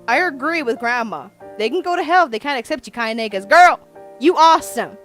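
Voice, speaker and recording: High-voiced woman streamer reading a game story. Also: fairly quick, faint music behind. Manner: expressive, laughs and comments on the story. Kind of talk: reading game story text aloud with reactions.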